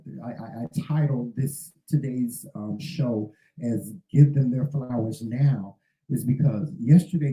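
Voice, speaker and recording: Dark-voiced man in his fifties, rambling. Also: mid-range voice, reverberant, low-quality recording. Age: 50s. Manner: rambling, repeats words and restarts often. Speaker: show host. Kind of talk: casual spoken monologue.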